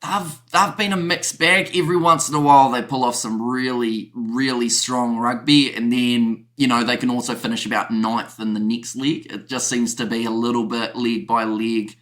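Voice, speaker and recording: A man's voice: medium pitch, steady tone, normal speed, hardly any pauses, fairly bright tone. A man co-hosting a casual podcast chat over a video call, talking in an easygoing way full of "you know". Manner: chatty, uses "you know" a lot. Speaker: podcast co-host.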